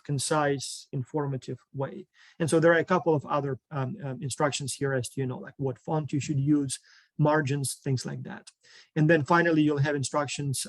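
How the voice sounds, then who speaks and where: Fairly high-voiced man explaining instructions. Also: no echo. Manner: informal, many fillers, lists items one by one. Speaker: program director explaining a student project. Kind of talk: explaining instructions in an online session.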